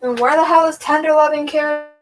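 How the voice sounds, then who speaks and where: Sorting her shelves on a casual livestream, this booktube host talks briskly in a high voice with fairly even intonation, thinking out loud and leaning on "like" and "um." She's in a home room full of bookshelves, recorded on a distant mic with faint noise behind her.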